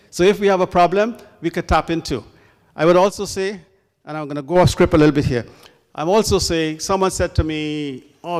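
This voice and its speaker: A man giving an emphatic presentation at a community meeting, firing off rhetorical questions in a lively, preacher-like delivery. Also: a little high. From Canada. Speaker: guest speaker. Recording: long reverb of a meeting hall.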